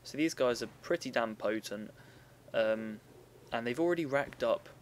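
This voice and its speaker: A young man talks through a replay of a strategy game battle in a loose, chatty way, often stopping to correct himself. His voice sits at an everyday middle pitch. A faint ambient hum stays under his voice. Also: moderate pace. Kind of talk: casual gameplay commentary.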